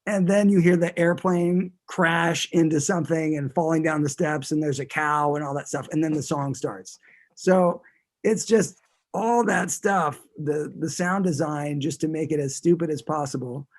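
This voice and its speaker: A man's voice: on the high side, steady tone, moderate pace. A man who is a guest musician, chatting casually in an interview and talking in a rambling way, with many restarts.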